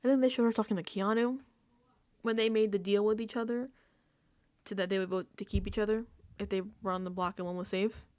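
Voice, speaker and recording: A woman hosting a reality TV recap, ranting casually and acting out quotes in an exasperated, animated way. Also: mid-range voice, fairly quick, no echo.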